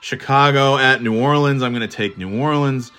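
Clean in tone but pushed and bright, his medium-pitched voice moves at a moderate pace. He's a podcast host running loosely through football picks with lots of restarts, cursing and poking fun at himself, all while clearing an irritated throat.

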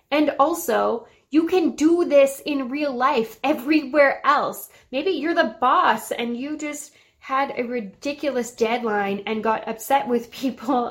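Female host, 30s, higher register with a gravelly edge, earnest motivational delivery. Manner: earnest, encouraging, laughs now and then. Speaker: podcast host. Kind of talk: motivational self-help talk.

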